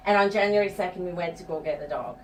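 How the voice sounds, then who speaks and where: A woman's voice: lowish voice, fast talker, slight background noise. A middle-aged woman telling a personal story live on stage, frank and profane and laughing at herself. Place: stage before a live audience. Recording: echoey room, distant mic, faint ambience.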